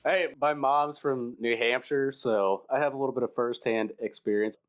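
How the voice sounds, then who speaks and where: A man's voice: mid-range voice, fairly even intonation, normal speed. A man co-hosting a sports podcast, leading segments in an upbeat, playful, casual way.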